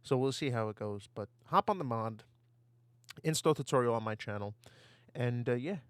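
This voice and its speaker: A man's voice: medium pitch, expressive, normal speed, smooth, dry recording, clean studio sound. A man ranting over gameplay footage on a desk mic, heated and given to repeating himself. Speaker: gaming YouTuber. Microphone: desktop mic.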